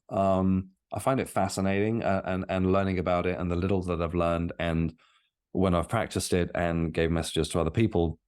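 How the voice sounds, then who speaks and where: A man with a low, deep voice, telling a long personal story as a podcast guest. He talks in a loose, conversational way, full of false starts, repeated words and fillers. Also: darkish tone, smooth. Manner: hesitant, many restarts and fillers.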